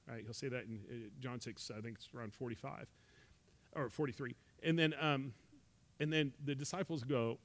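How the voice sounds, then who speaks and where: A man's voice: medium pitch, fairly quick. A man giving a casual Bible teaching talk, conversational and full of "right?" asides, acting out quoted speech. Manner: acts out quoted speech in dialogue.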